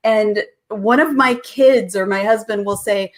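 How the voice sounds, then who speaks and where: A woman from the United States, a guest in a casual chat, a naturally loud and lively storyteller who laughs often. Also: medium pitch, measured pace.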